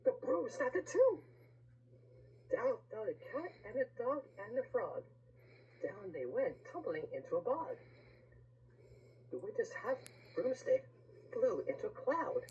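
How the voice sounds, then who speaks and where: A woman reads a rhyming picture book aloud, her voice swooping wildly up and down. She pauses for little asides to the listener, over a faint background hum. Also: medium pitch, big pitch swings, darkish tone, highs cut off.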